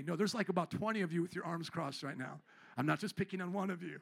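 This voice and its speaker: A man's voice: fairly high pitch, fairly quick, gravelly, slightly rough. A male pastor preaching a sermon in church, teasing and joking with the congregation. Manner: playful, teasing, animated preaching. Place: church sanctuary.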